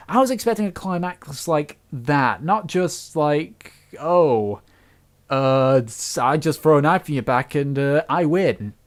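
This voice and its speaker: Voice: mid-range voice, darkish tone, smooth. Rambling casual film reviewer. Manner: rambling, many restarts, complaining.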